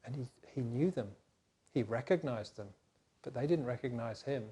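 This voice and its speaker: A man telling a Bible story to children in an animated, expressive way. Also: mid-range voice, normal speed, breathy edge.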